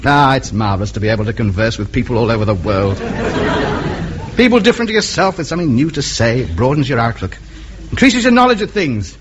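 A man's voice: medium pitch, very animated, fast talker, some chatter behind, lightly acted. An actor playing a chatty male amateur radio ham who over-explains in an exasperated way, in 1950s radio comedy style. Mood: self-satisfied. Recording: muffled old radio recording with hiss.

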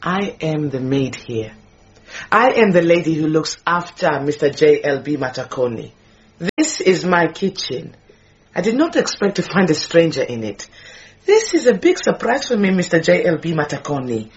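A wailing, possessive housemaid, her pitch leaping all over as she protests. It is a radio drama with a dull, lo-fi recording. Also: sing-song, normal speed. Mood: haughty. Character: indignant, possessive housemaid, middle-aged woman.

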